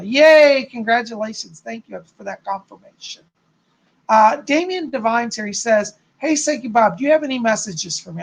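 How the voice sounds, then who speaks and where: A man with a gravelly, fry-edged voice hosts a live psychic reading stream. He reads out viewers' questions, then answers each one softly and reassuringly, in a conversational tone. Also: extremely high pitch, poor audio. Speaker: psychic host.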